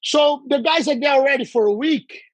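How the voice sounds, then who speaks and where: A man from Brazil with a Brazilian accent, telling lively anecdotes in casual chat with quoted dialogue. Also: very high-pitched, normal speed, dry recording, low-quality recording.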